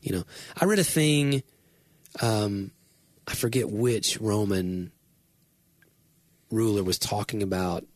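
Husky male pastor, casual chatty storyteller, pokes fun at himself, dry room. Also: on the low side, no echo. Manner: animated, self-deprecating, rambling storyteller. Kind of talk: casual chat.

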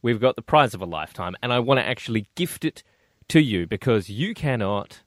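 A man co-hosting a radio show in casual banter, playful and quick to laugh. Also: medium pitch, lively intonation, no echo, clean studio sound.

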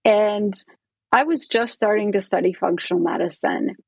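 A middle-aged woman doctor with a husky, slightly breathy voice, speaking earnestly as a podcast guest. She explains medical points plainly and walks through patient stories. Her voice sounds close and dry, with no room around it. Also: mid-range voice, normal speed, dry recording, poor audio. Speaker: gynecologist guest. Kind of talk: interview storytelling.

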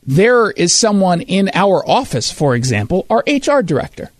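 A man's voice: high voice, very animated, normal speed. A man hosting a talk show, reading quotes and reacting with sarcastic, emphatic commentary.

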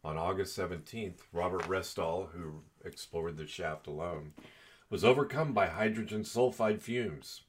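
A man's voice: low voice, a little slow, slight background noise. A man co-hosting a podcast, reading history aloud with dry joking asides. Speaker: podcast co-host. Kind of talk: casual chat and reading aloud.

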